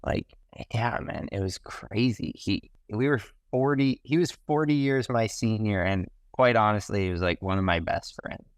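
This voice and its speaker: Excited young man telling stories. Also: on the low side, normal speed, few pauses, clear, resonant tone, no room sound. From Canada. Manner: enthusiastic, animated, slangy, acts out quotes. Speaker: podcast guest, pro snowboarder. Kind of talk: casual podcast storytelling.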